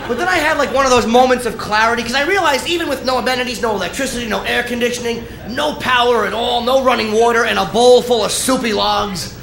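A man's voice: extremely high pitch, fast, gravelly, few pauses, a bit bright, echoey room, a little hiss or hum. A man doing stand-up comedy with wry storytelling.

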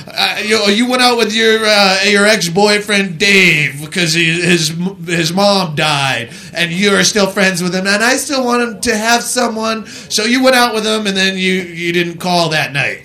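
A man doing a stand-up comedy set on a club stage, profane and incredulous, with quick asides to the audience. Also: sits high, pushed and bright. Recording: live club recording with audience noise. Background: audience laughter.

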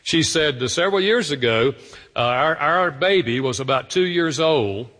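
A man preaching a sermon as pastor, animated, swinging between loud stressed lines and slow soft asides. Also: fairly high pitch, big-room sound.

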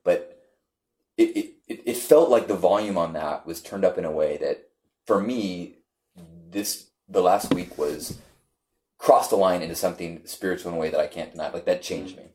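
A man in a casual conversation, telling a long story with many restarts and repeated words that turns animated as it goes. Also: sits low, normal speed, noisy background.

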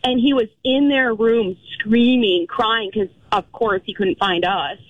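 A woman's voice: fairly high pitch, fairly even intonation, measured pace, no echo. A woman calling in to a radio show, animatedly retelling a frightening story in casual conversation. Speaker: caller. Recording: tinny phone line.

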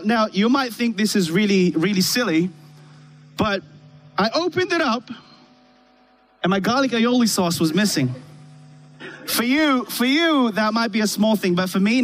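A man with a notably high voice preaches a sermon into a stage microphone. He tells his story in an animated way and keeps stumbling back over his own words. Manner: animated storytelling with repeated restarts.

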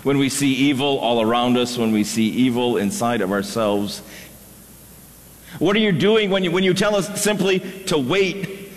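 A man's voice: lively intonation, normal speed. Earnest male preacher in a reverberant hall. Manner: earnest, drops low and soft for emphasis. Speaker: pastor. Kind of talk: sermon.

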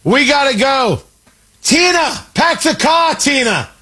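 A man's voice: extremely high pitch, animated, takes it slowly, pitched above the performer's own voice, full character voice. A man voicing a panicking man with a Boston accent, frantically telling his wife to pack the car. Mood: panicky. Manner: frantic, rising to a shout. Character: panicking adult man fleeing the city.

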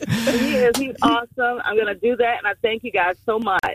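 A woman's voice: a little high, brisk, a loud crowd, poor audio. A woman calling into a radio show, chatty and laughing at herself as she shares a story. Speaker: caller. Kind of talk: telling a personal story on air.

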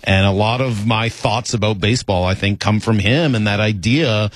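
A man hosting a sports radio show, talking in a chatty, animated, conversational way. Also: on the low side, normal speed, no room sound.

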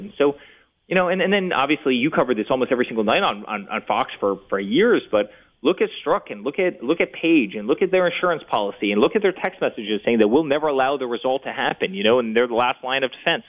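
Man, 40s, rapid guest talker, restarts a lot, phone-line sound. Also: medium pitch, expressive. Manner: rapid, repeats words when starting sentences. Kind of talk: interview talk.

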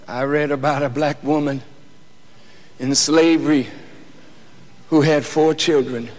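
High-pitched man preaching in an echoey hall. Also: fairly even intonation. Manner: preaching, rising to shouts, slow deliberate emphasis. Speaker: preacher addressing an audience. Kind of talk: impassioned speech. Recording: echoey hall with faint noise.

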